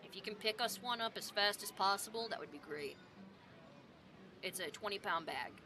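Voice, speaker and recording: A woman's voice: medium pitch, moderate pace, noisy background, close to an everyday voice. A woman voicing a burly half-orc baker father who frets and explains about his sugar. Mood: worried. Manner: fretful, explaining.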